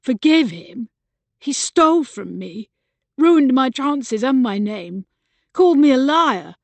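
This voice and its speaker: A woman's voice: high voice, big pitch swings, takes it slowly, no room sound, voice pushed up, heavily acted. A woman narrator voicing a bitter, agitated young man who raises his voice and insists on getting his way. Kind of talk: audiobook character voice.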